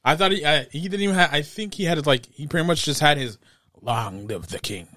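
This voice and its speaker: A man's voice: a little high, fast talker, sharp tone, no room sound. A man co-hosting a casual film-review podcast, rambling with lots of fillers and restarts. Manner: rambling, filler-heavy, does goofy quote voices. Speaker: podcast co-host.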